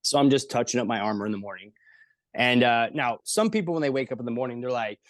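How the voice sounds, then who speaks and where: A comedian telling animated, jokey stories in an interview, acting out the people he quotes and swearing freely. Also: medium pitch, quick pace, dry recording. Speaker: comedian guest. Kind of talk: casual storytelling in an interview.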